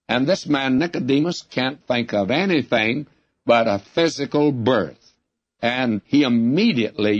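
A man's voice: medium pitch, no room sound. A man preaching a sermon, telling stories and acting out the quoted speakers as he goes. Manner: storytelling, acting out quoted lines. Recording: dull lo-fi dry recording.

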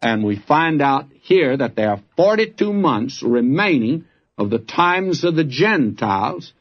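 A man's voice: medium pitch, big pitch swings, unhurried. An older man giving a folksy, earnest Bible teaching, speaking to listeners as his friends. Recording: dull lo-fi archival recording.

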